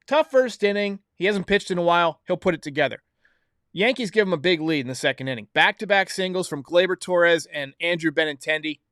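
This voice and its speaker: A man's voice: a little high, fairly bright tone, clean tone, no echo, clean studio sound. A man hosting a baseball recap show, giving blunt, opinionated commentary straight to his viewers. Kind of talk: solo sports recap commentary.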